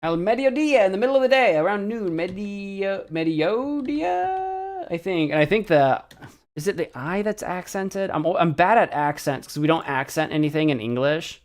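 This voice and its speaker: A man's voice: high-pitched, brisk. An American man streaming, chatting casually as he practices a language app, thinking aloud and second-guessing himself.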